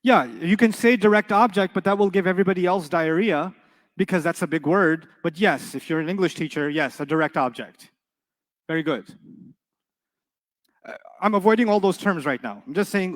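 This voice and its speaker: A middle-aged man teaches Arabic to a live class in a reverberant lecture hall. His voice is high and expressive, at a moderate pace with long pauses. Playful and jokey, he often quizzes his students.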